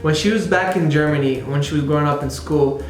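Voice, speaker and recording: A man's voice: fairly high pitch, a little fast. A man giving a casual spoken review of a stage show, rambling with many fillers. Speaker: theater reviewer. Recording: roomy echo, faint music behind.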